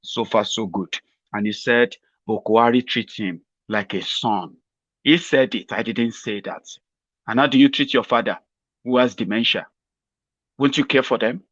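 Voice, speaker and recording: Nigerian guy doing a mocking politics vlog, rambling and teasing, mid-pitched voice, flat lo-fi sound. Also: moderate pace, no echo. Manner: mocking, rambling, chuckles at his own jokes. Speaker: political commentator. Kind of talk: satirical political commentary vlog.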